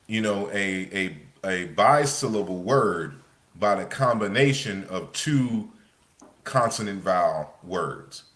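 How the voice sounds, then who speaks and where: A very low-pitched man gives a lecture over slides. He talks loosely and conversationally, circling back with restarts and fillers as he explains. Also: a bit bright.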